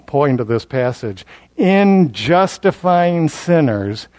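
A man preaching an expository Bible sermon, building emphasis through repetition and slowing down on key words. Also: a little high, lively intonation, a little mellow.

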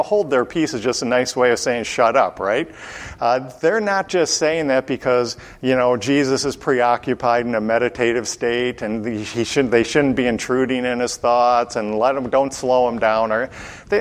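A man teaches through a Bible passage in a mid-pitched voice. He keeps putting questions to his listeners and answering them himself. When he reads scripture aloud, his voice rises.

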